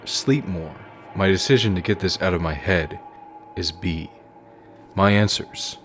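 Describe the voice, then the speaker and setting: Low-voiced man reading a horror story. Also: measured pace, over loud music. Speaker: narrator.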